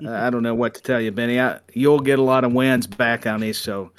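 A man's voice: mid-range voice, fairly even intonation, brisk, clean tone, no room sound. A man co-hosting a casual wrestling podcast, joking about himself and stumbling over restarts. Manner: jokey, self-deprecating, stammers on restarts. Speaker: podcast co-host. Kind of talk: casual chat.

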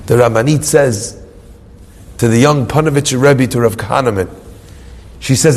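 A man telling a religious story in a sermon, moving between hushed and emphatic delivery, recorded in a reverberant hall. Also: medium pitch, normal speed, pauses often.

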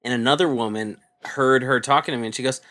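A man's voice: mid-range voice, quick pace. A man co-hosting a comedy podcast, telling stories and acting out the people in them. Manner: animated storyteller, acts out quotes. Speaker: podcast co-host. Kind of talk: casual podcast banter.

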